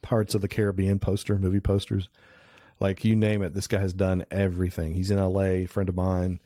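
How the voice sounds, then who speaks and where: A middle-aged man with a lowish voice chats as a podcast guest. He rambles through animated stories, restarting his sentences. The recording is dry, with no room sound. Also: fairly quick, no echo. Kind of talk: casual interview storytelling. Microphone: remote call recording.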